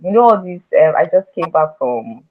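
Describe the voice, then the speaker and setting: Tinny-sounding woman, halting and earnest. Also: lowish voice, big pitch swings. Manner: halting, with frequent restarts and repeated words; earnest and emotional when recounting her past. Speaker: guest. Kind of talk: personal storytelling in a conversation. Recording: tinny phone-like audio.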